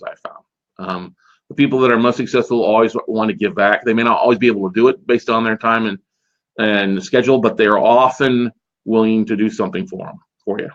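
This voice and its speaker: Male podcast host, energetic storyteller, mid-pitched, slightly muffled recording. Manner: energetic, animated storyteller acting out quotes. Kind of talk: casual storytelling. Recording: slightly dull lo-fi audio.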